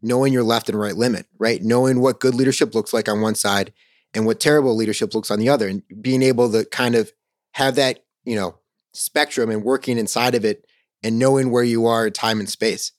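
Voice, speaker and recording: A man's voice: mid-range voice, steady tone, fairly quick, no room sound, clean studio sound. A male podcast host who is a former army officer, asking loose, easygoing questions full of fillers in a casual interview.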